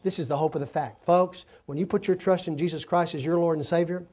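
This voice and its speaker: A man's voice: on the high side, steady tone, quick pace, a little mellow. A man teaching a sermon to a congregation, explaining words and asking listeners to help him. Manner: explanatory, talks to congregation, asks them for help. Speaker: preacher.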